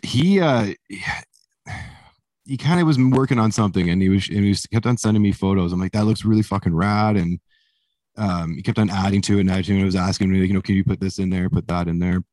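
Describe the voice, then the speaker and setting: A man's voice: low voice, quick pace, a little mellow, no echo. A man being interviewed as a musician, telling stories in a rambling, casual way, swearing often and laughing as he goes. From Canada. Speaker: musician guest.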